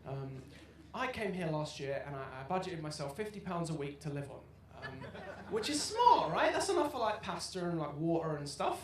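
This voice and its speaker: A young man in his twenties doing a stand-up comedy set, telling self-deprecating stories and bursting into loud shouted punchlines. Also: on the high side, very animated, normal speed, few pauses, background noise. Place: comedy club stage with live audience. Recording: roomy live venue sound. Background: audience laughter.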